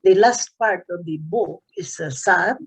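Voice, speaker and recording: An older woman from the Philippines with a Filipino accent, speaking haltingly with many fillers as an author being interviewed. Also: on the low side, breathy edge, rough recording. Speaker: author guest. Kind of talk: casual interview chat.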